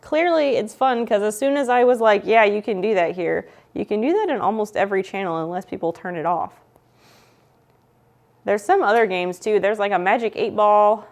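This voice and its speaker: A woman's voice: medium pitch, moderate pace. A woman streaming from home, chatting casually with viewers, playful and teasing, with some swearing.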